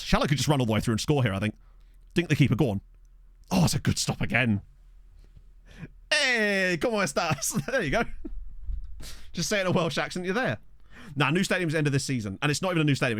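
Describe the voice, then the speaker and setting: A man's voice: mid-range voice, very animated, racing, no room sound. A young man streaming a football management game, chatting and joking as he reacts to the play on a studio microphone. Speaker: gaming streamer. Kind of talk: live football game commentary. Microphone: studio USB microphone.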